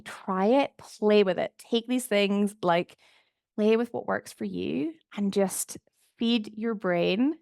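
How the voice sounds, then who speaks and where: A woman's voice: medium pitch, vocal fry, a little mellow, no echo, clean studio sound. A woman hosting a solo podcast as a goal coach, talking in a chatty, encouraging way with lots of "like" fillers. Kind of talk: casual solo podcast monologue.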